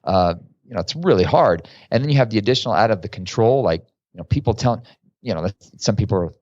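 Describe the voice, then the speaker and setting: A man, a guest author and coach, telling stories in a casual, lively way during a podcast interview. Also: fairly low pitch, fast, no echo, muffled recording.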